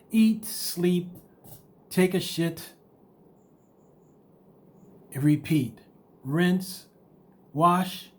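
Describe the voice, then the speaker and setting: A man's voice: a little high, warm tone. A man delivering a motivational monologue, hammering home repeated rhetorical questions and speaking candidly about his own struggles. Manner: repetitive, emphatic rhetorical questions. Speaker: motivational video host.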